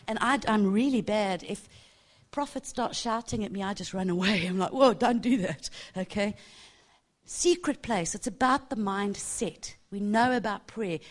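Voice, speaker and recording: A middle-aged woman teaching a church group on prophecy, passionate and chatty, often tagging her points with "yeah?". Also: medium pitch. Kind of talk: informal teaching talk.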